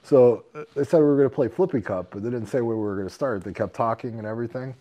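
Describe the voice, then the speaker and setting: A man co-hosting a podcast in casual chat, telling a rowdy story with lots of laughter, swearing and loud acted-out quotes, a bit tipsy. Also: medium pitch, fast. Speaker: podcast co-host.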